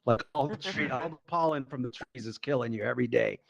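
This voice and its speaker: A man doing a stand-up set, telling a profane, animated story and acting out the quotes. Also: mid-range voice, quick pace, gravelly, lo-fi sound. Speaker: stand-up comedian. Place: live comedy show.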